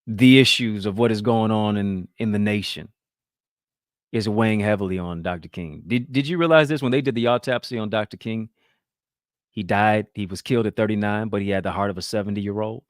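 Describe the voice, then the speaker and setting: Low-voiced man preaching to his viewers. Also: a little fast, no room sound, clean studio sound. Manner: emphatic, preacher-like rhetoric. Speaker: talk show host. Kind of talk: motivational commentary.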